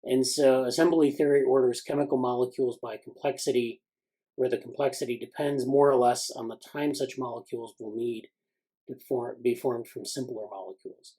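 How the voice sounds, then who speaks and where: Guy running an academic video call, mid-pitched voice, lots of ums, reads bits out then chats about them. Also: steady tone, normal speed, mellow, breathy edge, poor audio. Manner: hesitant, many fillers and restarts; reads passages aloud, then comments informally. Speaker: meeting host reviewing newsletter items. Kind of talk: casual academic meeting talk, reading excerpts aloud.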